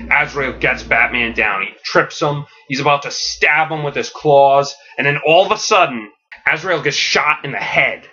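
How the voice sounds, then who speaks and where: A man narrating a story pitch in an animated, casual, slangy way. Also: muffled recording.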